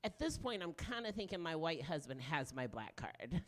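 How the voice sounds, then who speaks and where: A woman in her late forties doing a stand-up set, frank and self-mocking, with animated punchlines. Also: sits low, moderate pace. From Deep South of the US. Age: 40s. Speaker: stand-up comedian.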